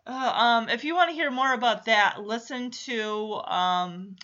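Bright, excitable woman podcast host. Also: on the high side, measured pace, lo-fi sound. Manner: chatty and excitable, with frequent laughs. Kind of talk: casual solo podcast chat.

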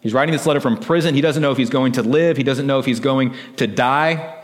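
A man's voice: medium pitch, fast, in a large hall. A man preaching a sermon as pastor, in a loose conversational way, often tossing in "like" and "right?" to his listeners.

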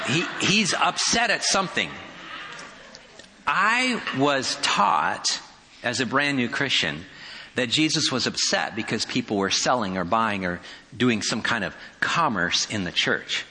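A pastor delivers a sermon, weaving in stories and playful asides. His voice is bright and forward, with a long reverb trailing it through a large hall. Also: medium pitch. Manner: storytelling with humorous asides.

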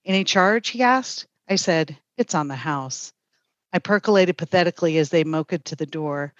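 A woman poet on a radio show, chatting with many fillers and then reading a poem in a smooth, deadpan way. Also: on the low side, no echo, lo-fi sound. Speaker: poet, festival guest. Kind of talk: casual radio chat and poetry reading.

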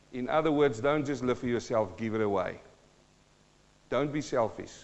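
A man preaching a sermon, emphatic with big swings in loudness and pitch and wry, teasing asides. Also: normal speed. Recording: long hall reverb, dull lo-fi sound.

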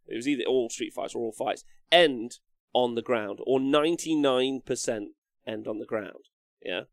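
A man's voice: medium pitch, gravelly, dry recording, clean studio sound. A young man hosting a casual livestream, rambling, reading chat comments aloud and swearing freely. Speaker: livestream host.

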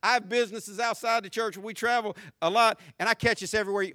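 Southern pastor, man in his fifties, folksy sermon delivery with a high-pitched voice and a dry sound. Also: fairly even intonation, fast talker, no echo. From Jacksonville, Florida. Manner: folksy, swings between quiet asides and loud shouted preaching.

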